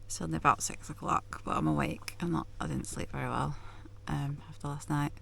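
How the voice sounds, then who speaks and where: Woman vlogging into her phone, gravelly creaky voice, pretty flat delivery, faint hiss behind. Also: deep voice, fairly quick. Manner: candid, confessional, chatty. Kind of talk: casual vlog to camera. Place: inside her van.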